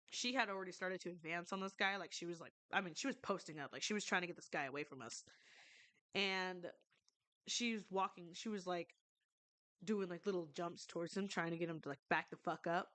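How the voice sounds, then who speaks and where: A woman's voice: fairly low pitch, brisk, a bit bright. A young woman streamer telling a true story in a loose, rambling way, with lots of fillers and casual swearing.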